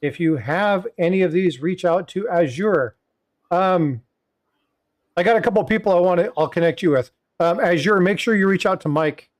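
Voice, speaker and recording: A middle-aged man hosts a casual stream chat, and his voice sits a little high for a man. He rambles through his points with plenty of filler words. He stops now and then to read viewer comments aloud. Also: normal speed. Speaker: livestream host.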